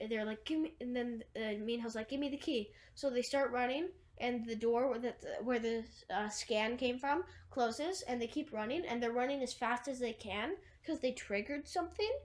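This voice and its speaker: A woman's voice: fairly high pitch, steady tone, normal speed. A woman casually retelling a movie plot, rambling through long chains of "and then" and fillers, with wry asides. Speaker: movie recapper.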